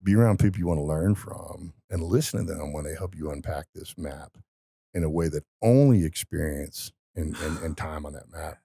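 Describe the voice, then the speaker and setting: This is a man with a very low, gravelly voice that has a husky edge. He talks fast and with emphasis, recorded dry in a podcast studio. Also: dark tone, dry recording. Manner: emphatic, motivational. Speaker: podcast guest. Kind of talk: storytelling in casual conversation.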